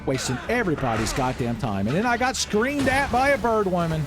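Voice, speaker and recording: A man giving loud, profane, joking commentary while playing a video game. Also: medium pitch, very animated, a little fast, hardly any pauses. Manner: loud, profane, jokey, yelling at enemies. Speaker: gaming streamer. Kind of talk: casual gameplay commentary. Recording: gameplay music behind voice.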